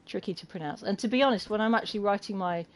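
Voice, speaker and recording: British woman, game streamer, chatty and excitable, laughs a lot, mid pitch. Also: quick pace. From United Kingdom. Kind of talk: casual gameplay commentary. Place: home, with a cat climbing on her.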